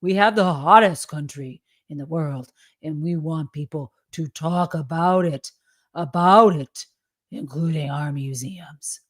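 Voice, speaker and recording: A woman putting on a mocking, slow and pompous voice of a dim man reading out a post. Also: sits low, no echo, clean studio sound.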